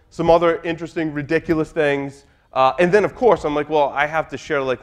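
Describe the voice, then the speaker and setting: A middle-aged man giving a humorous conference talk in a room, telling anecdotes in a loose, chatty way. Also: fairly high pitch. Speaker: conference speaker.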